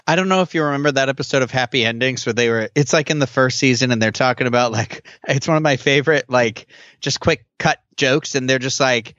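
A man's voice: medium pitch, brisk, a bit bright, dry recording. Chuckling male co-host, slightly lo-fi. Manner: laughs easily, rambling storytelling. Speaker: podcast co-host. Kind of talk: casual podcast chat.

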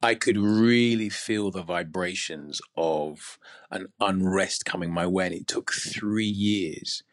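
Reflective English man, measured pace. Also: deep voice, dry recording, studio quality. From United Kingdom. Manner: reflective, measured, pausing often. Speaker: podcast guest, actor. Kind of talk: candid interview conversation.

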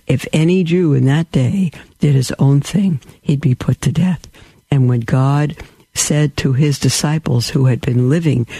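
A man delivers a teaching sermon in a gravelly, mellow voice. He explains words slowly and repeats the key ones. The sound is dry and close. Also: no echo. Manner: teaching, repeats key words, rises high when quoting. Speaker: Catholic preacher.

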